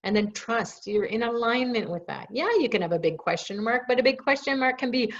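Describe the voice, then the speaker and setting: A woman's voice: a little high, fairly quick. Chatty woman hosting a lo-fi live Q&A. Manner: chatty and reassuring, with self-teasing jokes. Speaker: live show host answering viewer questions. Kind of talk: casual live Q&A. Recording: dull lo-fi stream audio.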